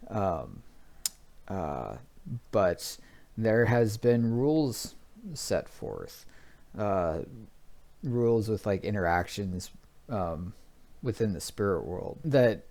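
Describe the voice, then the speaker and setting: Male host, very low voice, casual halting commentary. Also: sing-song, gravelly, a little mellow. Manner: halting, with many fillers and restarts. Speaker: video host.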